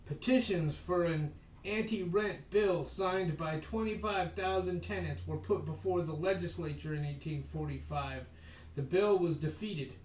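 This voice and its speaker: Guy with a high voice reading history out loud, slow on the big lines, little side comments, roomy echo, kinda far from the mic. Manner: measured reading, slows for emphasis, adds wry asides. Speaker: podcast host reading history aloud. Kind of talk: reading a history book aloud with asides. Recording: echoey room, voice distant from mic.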